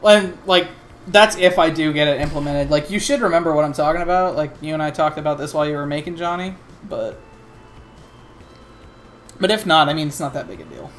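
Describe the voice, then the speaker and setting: A game master narrates a tabletop game in a rambling, hesitant way, full of fillers and restarts. The voice sits in a middle pitch range. A faint hiss runs underneath. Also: animated, a little fast.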